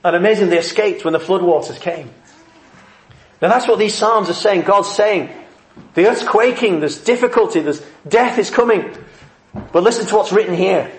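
A man's voice: high-pitched, normal speed, roomy sound. A man preaching a heartfelt, earnest sermon.

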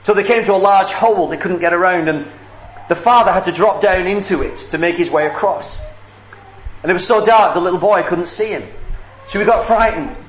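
A man's voice: high voice, a little fast. A man preaching a sermon and leading a prayer, earnest and emphatic, repeating key words as he pleads with listeners. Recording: echoey room with faint background noise.

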